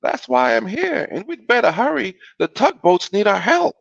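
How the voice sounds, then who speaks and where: A man voicing a gentle caring mother with a Southern accent and a soft soothing drawl. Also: very high-pitched, very animated, moderate pace, gravelly, dry recording, voice pushed up, full character voice. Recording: dull lo-fi video call audio.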